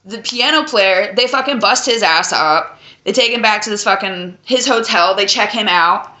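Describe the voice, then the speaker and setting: Brief: young woman vlogger, crude and sarcastic, bright tone, roomy echo. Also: medium pitch, normal speed. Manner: profane, blunt, sarcastic. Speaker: film reviewer. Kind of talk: casual video review.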